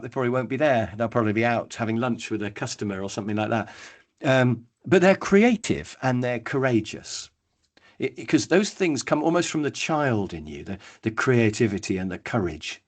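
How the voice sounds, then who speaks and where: A man, running a live online training workshop, chatty and lively, calling on attendees by name. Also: medium pitch. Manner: lively, chatty, acts out brief voices, addresses attendees by name.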